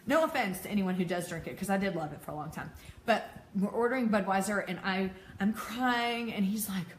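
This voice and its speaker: A woman's voice: medium pitch, brisk. A woman in her thirties giving a candid personal talk to an audience, laughing often and making self-deprecating asides. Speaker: peer support speaker. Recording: echoey room.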